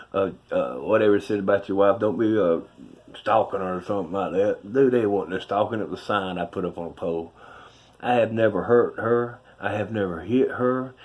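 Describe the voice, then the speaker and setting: A middle-aged man with a North Carolina Southern accent, a street preacher giving a rambling, folksy, emphatic spoken testimony. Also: on the low side.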